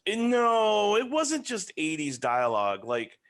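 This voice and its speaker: A man hosting a podcast, reviewing a film in casual chat and telling it as an animated, joking story. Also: high-pitched, a little slow. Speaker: podcast host.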